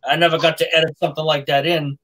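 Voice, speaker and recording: A man with a Massachusetts accent hosting a live stream, halting with lots of fillers and restarts. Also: on the high side, flat delivery, fairly bright tone, poor audio. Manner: halting, many fillers and repeated words. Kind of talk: casual chat.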